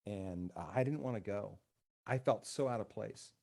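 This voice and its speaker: Lowish and mellow with some vocal fry, a man talks at normal speed as a counselor guest in a casual podcast conversation. He tells stories in a relaxed radio-talk style, performing the dialogue he quotes.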